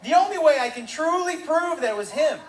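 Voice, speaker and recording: A man doing stand-up, telling a story in an animated way that bursts into shouting. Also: very high-pitched, a little fast. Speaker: comedian. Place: comedy club stage. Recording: roomy live club recording from a distance. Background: audience laughter and room noise.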